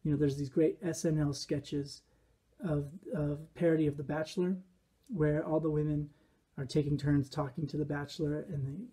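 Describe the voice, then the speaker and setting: Mellow, husky-voiced man musing. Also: on the high side, level tone, normal speed. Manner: rambling, reflective, with quoted asides. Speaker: behaviorist commentator. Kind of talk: casual commentary.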